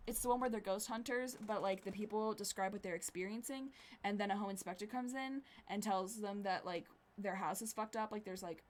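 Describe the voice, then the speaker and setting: A woman streaming a dating game, reading it aloud with wry, chatty commentary. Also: mid-range voice. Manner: wry, chatty, deadpan asides.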